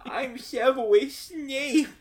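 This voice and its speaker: A podcast host putting on a high, babyish voice for a little version of a villain actor. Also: slow, a little mellow, a little hiss or hum. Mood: silly.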